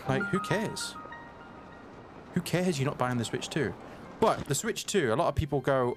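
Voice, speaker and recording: A man's voice: medium pitch, expressive, normal speed, pauses often. A young man streaming a game live, annoyed and ranting at a viewer in chat, repeating himself as he talks. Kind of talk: live gameplay commentary. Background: game music.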